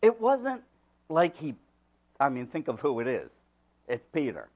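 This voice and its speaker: A pastor delivers a sermon, swinging from hushed asides to loud, emphatic preaching and repeating key words for emphasis. His voice runs on the high side and is very animated, his pace is measured, and the audio sounds dull.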